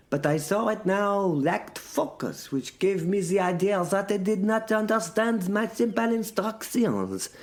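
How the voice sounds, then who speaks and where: A man narrating a comic first-person audio drama in a dry, deadpan, sardonic way. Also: a little high. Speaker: narrator and lead voice of an audio serial.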